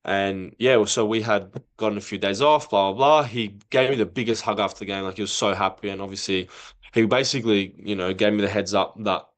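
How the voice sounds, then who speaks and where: A man in casual podcast talk, telling an animated story and acting out the dialogue. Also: lowish voice, fairly quick. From not from Europe. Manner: animated, acts out quoted dialogue. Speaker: podcast guest, former footballer.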